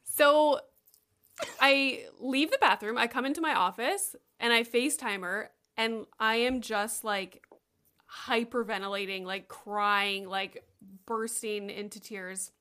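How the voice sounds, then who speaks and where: A Canadian woman in her thirties tells a story in casual chat, speaking slowly in a fairly high voice. She's animated and chatty, using lots of fillers and swearing casually.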